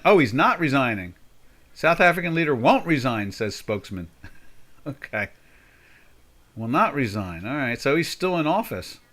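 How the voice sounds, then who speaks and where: A trading show host, an older man, chats casually on his live stream and thinks aloud while fixing settings. His voice is medium in pitch and a bit bright.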